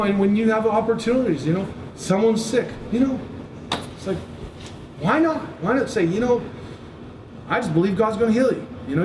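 A man preaching in a storytelling way, laughing often and acting out what people said. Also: high-pitched. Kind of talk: storytelling sermon. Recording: echoey room, mic far off, noisy.

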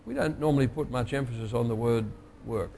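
A pastor delivering a sermon, measured and emphatic, slowing down to stress key phrases. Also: male voice, medium pitch, vocal fry, mellow, a little hiss or hum. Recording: long hall reverb.

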